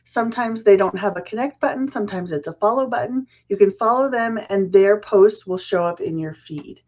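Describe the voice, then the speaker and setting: A woman hosting a casual business chat show, chatty and friendly, her voice a little rough from the early morning. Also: medium pitch, a little fast, darkish tone, lo-fi sound. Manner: chatty, laughs at own slips. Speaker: podcast host.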